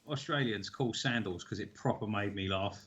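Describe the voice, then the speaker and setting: A man's voice: on the low side, a little fast, a bit bright, highs cut off. A man co-hosting a casual chat over beers, telling stories in a laid-back way and swearing freely. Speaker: co-host.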